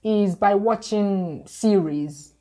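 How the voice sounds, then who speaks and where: Slow and mellow, her medium-pitched voice carries a Nigerian accent as she addresses her viewers in a relaxed to-camera chat. The Nigerian YouTuber keeps restarting her sentences, repeating words as she goes.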